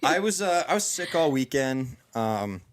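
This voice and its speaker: A man on a podcast rambles through a story in a casual chat, backing up and restarting his sentences. His voice is getting hoarse, and the sound is dry and close with no room around it. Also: mid-range voice, very animated, unhurried, no echo. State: voice going hoarse. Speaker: podcast host.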